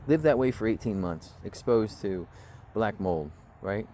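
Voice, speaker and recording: A man's voice: on the low side, moderate pace, hardly any pauses, darkish tone, a little hiss or hum. A man telling a long, aggrieved story to the camera in a blunt way, swearing often, recorded outdoors. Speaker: vlogger. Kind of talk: casual storytelling rant. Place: outdoors in the woods.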